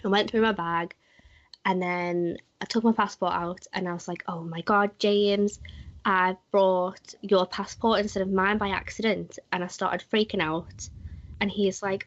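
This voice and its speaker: A woman's voice: mid-range voice, steady tone, measured pace. A young woman, co-hosting a podcast and chatting, often acting out quoted dialogue. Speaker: podcast co-host. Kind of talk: casual chat, trip storytelling. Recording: dry, slightly muffled podcast audio.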